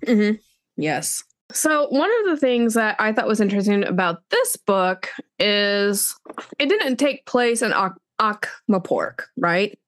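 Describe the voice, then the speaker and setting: A woman co-hosting a book podcast, chatting casually in an animated, rambling way. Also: medium pitch, slow. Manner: chatty, animated, restarts and fillers. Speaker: podcast co-host.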